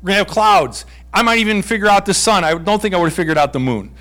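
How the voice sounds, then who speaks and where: A man delivering a sermon in a light, playful manner. His voice sits a little higher than most men's, and he slips into quick acted exchanges between characters. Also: expressive, fairly bright tone. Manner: playful, acts out voices of God and Job. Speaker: preacher.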